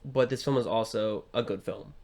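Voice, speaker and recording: A man's voice: lowish voice, moderate pace, gravelly, a little mellow. Young man rambling about films. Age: young adult. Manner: rambling with frequent fillers and restarts. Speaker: podcast co-host. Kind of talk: casual film discussion.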